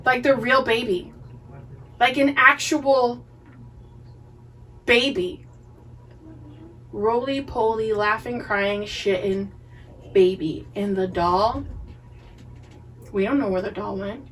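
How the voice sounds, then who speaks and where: High, animated Boston woman, recorded from afar. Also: slow pace, long pauses, a little hiss or hum. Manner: profane, animated, acts out characters' lines. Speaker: podcast co-host. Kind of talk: casual chat recapping a TV series. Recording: distant mic, poor audio.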